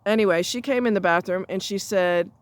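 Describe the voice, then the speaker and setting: A woman's voice: medium pitch, a little fast, no room sound. A woman telling a story in casual chat, blunt and salty with frequent asides, recorded outdoors near a road while walking her dog. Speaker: vlogger.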